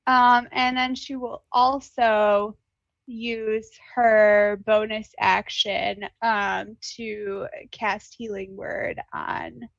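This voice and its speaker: A woman playing a tabletop game, speaking hesitantly with many pauses and ums. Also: mid-range voice, little pitch movement, vocal fry, a bit bright, dry recording, highs cut off. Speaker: player.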